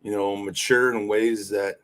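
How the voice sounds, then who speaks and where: A man's voice: lowish voice, steady tone, unhurried, fairly bright tone. Rambling, profane man chatting casually. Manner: rambling storyteller, profane, leans on "you know". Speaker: fill-in podcast co-host. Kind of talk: casual chat.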